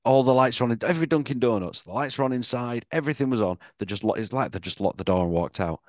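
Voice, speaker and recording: A man's voice: mid-range voice, fast, dry recording. Swearing British man telling stories. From Britain. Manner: swears a lot, animated storyteller. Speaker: podcast co-host. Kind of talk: casual chat.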